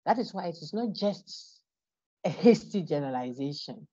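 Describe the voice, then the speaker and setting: Low, husky woman lecturing. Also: lively intonation, moderate pace, mellow, no room sound. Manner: emphatic, asks the class rhetorical questions. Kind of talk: online lecture. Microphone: computer microphone on a video call. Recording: dull, lo-fi online call audio.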